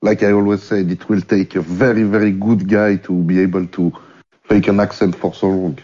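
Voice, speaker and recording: A man with a Swiss French accent and a low, mellow voice. He speaks haltingly and repeats words while he looks for them. The recording is muffled and lo-fi. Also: level tone. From French-speaking Switzerland. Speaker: returning guest. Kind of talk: casual chat. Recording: muffled lo-fi audio.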